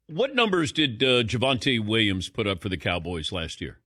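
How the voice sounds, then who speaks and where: A man's voice: lowish voice, sing-song, normal speed, bright, forceful tone, dry recording, clean studio sound. A man hosting a sports radio show, talking casually and taking callers. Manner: chatty, conversational.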